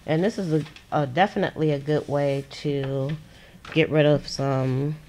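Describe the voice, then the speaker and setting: A woman's voice: low voice, fairly even intonation, a little slow, a little mellow, slight background noise. A woman hosting a crafting livestream from her desk at home, chatting casually, laughing often and answering viewers' comments. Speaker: crafting channel host.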